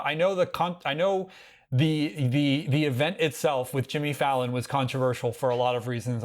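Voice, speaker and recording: An American man co-hosting a casual tech podcast, telling stories in an animated way and often restarting his sentences. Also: mid-range voice. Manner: animated storytelling with frequent restarts. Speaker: podcast co-host.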